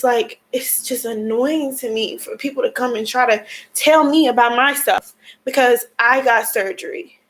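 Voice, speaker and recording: Young woman vlogger, high voice, emotional venting, tearful and frustrated. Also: poor audio. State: crying at times. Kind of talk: emotional personal vlog talk.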